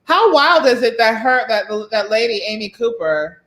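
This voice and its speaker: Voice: medium pitch, sing-song, normal speed, bright, forceful tone. A podcast co-host in casual chat, blunt, sardonic and profane, laughing now and then. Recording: roomy echo.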